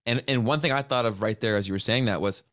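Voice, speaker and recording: A man's voice: mid-range voice, quick pace, a bit bright. A man hosting a podcast in casual interview chat. He affirms his guest with enthusiasm and explains his points like a coach. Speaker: podcast host.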